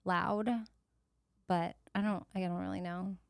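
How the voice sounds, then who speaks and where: Woman with whistling S sounds, animated. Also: on the low side, unhurried, creaky, smooth, dry recording, clean studio sound. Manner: animated, laughs easily. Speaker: podcast co-host. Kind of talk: casual chat.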